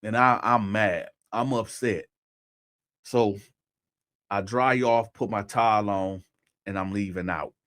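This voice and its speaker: Recounting something from his own life, a man chats informally with his audience, addressing them directly and repeatedly asking "right?". He speaks slowly with frequent pauses, in a fairly low, somewhat bright voice with fairly even intonation.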